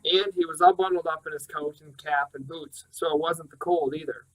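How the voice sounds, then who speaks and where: A man's voice: a little high, big pitch swings, normal speed, vocal fry, rough recording. A man voicing a blunt middle-aged male police detective who explains things in a matter-of-fact way, in an audiobook.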